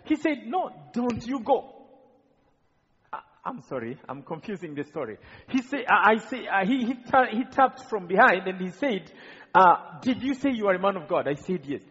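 A Rwandan man gives his sermon testimony as a story, full of restarts and voices he quotes. His high, slightly husky voice is very animated and fairly bright, moving at a normal speed. The audio is dull and lo-fi, echoing at length as if in a large hall.

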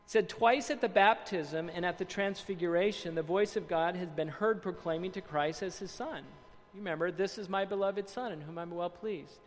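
A man preaching a sermon, reading quotes aloud, then explaining them with dramatic pauses and hushed emphasis. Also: sits high, in a large hall.

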